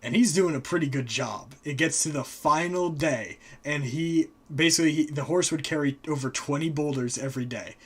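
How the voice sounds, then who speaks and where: A man hosting a live stream, casually retelling myths and slipping into quick character voices. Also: on the high side, husky. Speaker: host. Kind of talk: casual storytelling.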